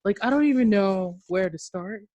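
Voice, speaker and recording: Lively, expressive woman podcast co-host. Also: mid-range voice, normal speed, highs cut off. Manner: reactive, expressive listener. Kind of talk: casual podcast chat.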